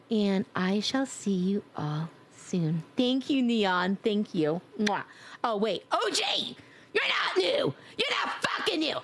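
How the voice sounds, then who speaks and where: A woman streamer chats affectionately with her viewers as she wraps up. Her voice is mid-pitched and a little congested. A faint hiss of noise sits under the sound. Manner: warm, affectionate, blowing kisses. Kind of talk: casual stream sign-off chat.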